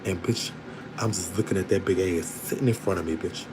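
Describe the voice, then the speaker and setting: A man telling a candid personal story to his online audience in a casual, animated way, often breaking into laughter. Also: deep voice, brisk, noisy background. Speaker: storytelling vlogger.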